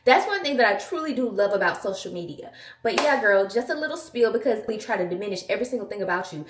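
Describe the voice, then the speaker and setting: A woman's voice: mid-range voice, lively intonation, fast, roomy sound, background noise. A woman, chatting sassily and emphatically to camera as a vlogger. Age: 20s. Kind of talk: casual chat to camera.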